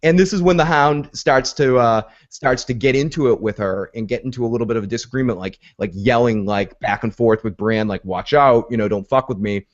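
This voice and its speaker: A man's voice: medium pitch, a little fast, few pauses. A man hosting a casual TV recap podcast who retells scenes by acting out the characters' lines. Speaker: podcast host. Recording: dull lo-fi podcast audio.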